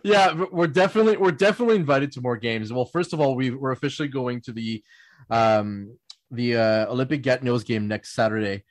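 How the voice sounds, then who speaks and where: A man, hosting a podcast and telling lively anecdotes between laughs, often slipping into playful voices for other people. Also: mid-range voice, fairly quick, no echo. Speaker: podcast host. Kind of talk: casual storytelling chat.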